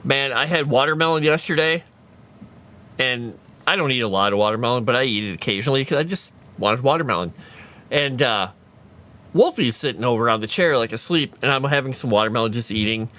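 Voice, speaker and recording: Chatty bright-voiced man streaming. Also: mid-range voice, brisk. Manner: rambling, chatty, reads chat aloud. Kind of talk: casual livestream chat.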